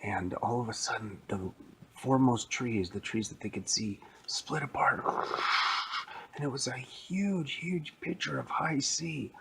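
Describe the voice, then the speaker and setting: A man's voice: mid-range voice, a little slow, vocal fry, very noisy. A man telling a playful, rambling story that he makes up as he goes. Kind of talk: improvised spoken story.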